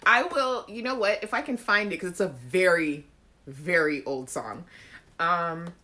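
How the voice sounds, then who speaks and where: Lively low-voiced Caribbean woman host. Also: unhurried. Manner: animated, laughs often, acts out song lines. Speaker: live chat show host. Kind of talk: casual live-stream chat reading comments.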